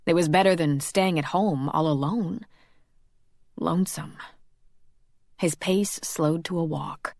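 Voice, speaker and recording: A woman reading a paranormal romance audiobook as narrator, with steady storytelling. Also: low voice, measured pace, vocal fry, no room sound, studio quality. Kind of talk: scripted narration.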